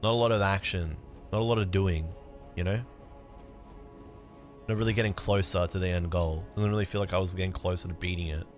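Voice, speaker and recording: Talking over music, this young streamer has a voice that sits low and moves fairly quickly. He jokes around with his livestream chat during gameplay. Sudden bursts of excitement punctuate his casual banter.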